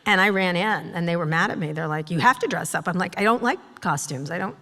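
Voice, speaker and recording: A middle-aged woman, a journalist guest at a live talk, telling sardonic, profane stories and mimicking people in quick asides. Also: lowish voice, a bit bright. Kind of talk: on-stage storytelling conversation. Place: live event hall with audience. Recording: long reverb of a large hall.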